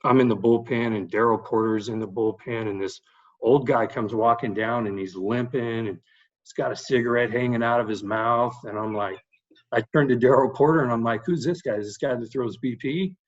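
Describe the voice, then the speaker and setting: A man's voice: medium pitch, moderate pace, lo-fi sound. A middle-aged man, a baseball coach, telling anecdotes from his playing days in a casual podcast chat. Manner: animated anecdotes with fillers. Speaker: guest, baseball head coach.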